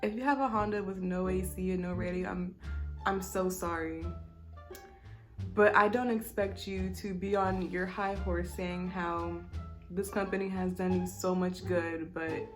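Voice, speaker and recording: A young woman vlogger telling a story in a casual, animated way, swearing freely and breaking into quick asides and laughs. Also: lowish voice, faint music behind.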